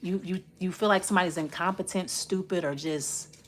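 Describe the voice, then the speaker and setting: A woman's voice: fairly low pitch, brisk, a bit bright, slight background noise. Blunt, profane woman reading tarot. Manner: blunt and profane, talking straight to the listener; rambling, with many restarts while reading cards. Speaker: tarot reader. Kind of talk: casual spoken tarot reading.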